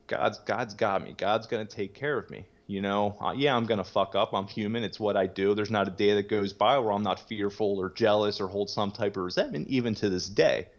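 A man's voice: lowish voice, brisk, few pauses. A young man in recovery telling his story in a candid, rambling way, full of "you know" and casual swearing. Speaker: guest in recovery. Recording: muffled lo-fi audio.

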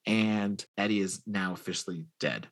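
A man casually recapping a comic book storyline, rambling with many fillers and quick impressions of the characters. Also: low-pitched. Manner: rambling retelling with fillers and acted-out quotes. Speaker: podcast co-host recapping comics. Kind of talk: casual chat.

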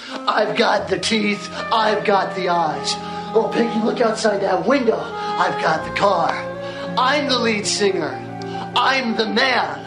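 A man's voice: sits high, slow, roomy sound. An actor playing a caricatured fifties teenage boy who is cocky and heartbroken, talking in a whiny, nasal voice. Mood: pleading, cocky. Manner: boastful, whiny. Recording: film audio with music score.

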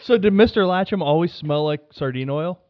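A man's voice: a little high, animated, a little fast, no room sound, muffled recording. A man hosting a podcast, teasing his guest in casual banter. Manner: teasing, laughs along. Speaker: podcast host.

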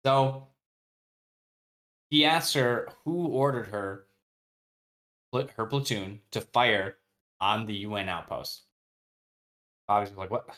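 A podcast co-host casually recaps book scenes in a loose, slangy way, full of fillers and restarts, briefly acting out the characters' lines. His lowish voice is a bit bright, and he speaks slowly with long pauses.

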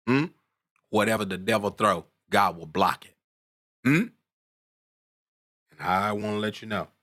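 A man preaching a sermon, drawing out scripture slowly and asking "hmm?" between points, climbing into fervent shouts. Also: no echo, studio quality. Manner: call-and-response "hmm?", rising to fervent shouts; drawls scripture slowly, then climbs in pitch when worked up.

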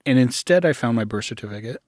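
A middle-aged man in an interview, telling his own story in a halting way, often restarting, sometimes acting out the voices he quotes. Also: mid-range voice, steady tone, no room sound, studio quality. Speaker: guest.

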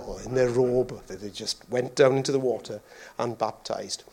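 A man's voice: mid-range voice, breathy edge. A man preaching a sermon as pastor, joking and acting out voices along the way. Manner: jokey, animated, acts out voices.

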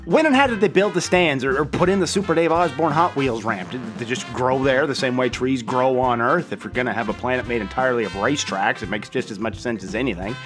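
A man's voice: mid-range voice, quick pace, hardly any pauses, over music. A man co-hosting a podcast, casually recapping a cartoon episode with dry sarcastic asides and rhetorical questions. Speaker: podcast co-host.

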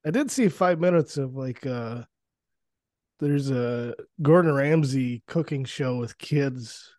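A man from the United States co-hosting a podcast, an animated and sarcastic storyteller. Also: mid-range voice, slow, no echo, clean studio sound. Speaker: podcast co-host. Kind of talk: casual chat.

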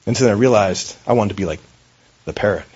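A man's voice: on the low side, fast, darkish tone, husky, muffled recording. A man voicing a beautiful white swan who wistfully wants to be like another bird.

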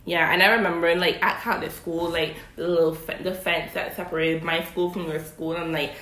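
A woman's voice: lowish voice, flat delivery, fairly quick, sharp tone. A young Caymanian woman chatting casually as a podcast co-host, with lots of fillers and likes. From Cayman Islands. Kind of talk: casual chat. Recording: echoey room.

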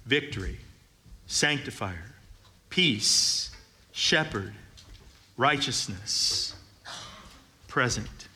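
A man's voice: a little high, pushed and bright, husky. A middle-aged man preaching a sermon as pastor, conversational with joking asides, building to emphatic declarations.

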